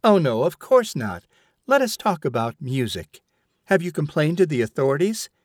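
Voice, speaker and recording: Male reader playing a petulant, complaining mother, pitched high, lively swoops, dry sound. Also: moderate pace, no room sound. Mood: indignant. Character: imperious, fretful woman, a mother.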